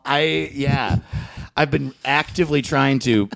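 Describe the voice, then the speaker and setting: Animated man rambling on a comedy podcast. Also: medium pitch, moderate pace. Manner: rambling, self-deprecating, filler-heavy. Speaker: podcast co-host, stand-up comic. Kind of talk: casual comedic podcast banter.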